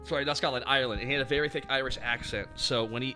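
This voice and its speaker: A man's voice: medium pitch, fairly even intonation, racing, bright, forceful tone, faint music behind. A young man hosting a casual stream chat in a laid-back way, swearing offhandedly and laughing often. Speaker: streamer host.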